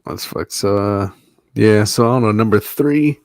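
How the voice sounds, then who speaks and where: A man's voice: fairly low pitch, normal speed, no room sound. A man co-hosting a casual sports podcast, hesitant, often laughing and swearing freely. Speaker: podcast co-host.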